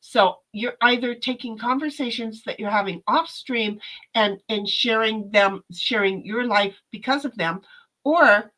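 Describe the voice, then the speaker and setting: A woman's voice: fairly high pitch, a little slow, fairly bright tone, low-quality recording. A woman hosting a casual livestream from home, talking earnestly to her chat and reading out their comments, often repeating words as she gathers her thoughts, and swearing now and then. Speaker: livestream host.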